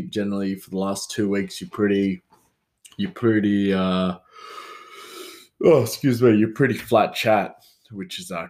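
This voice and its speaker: A man, hosting a solo podcast in a rambling, self-mocking chat that answers itself. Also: fairly low pitch. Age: 30s. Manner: rambling, self-mocking, talks back to himself. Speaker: podcast host.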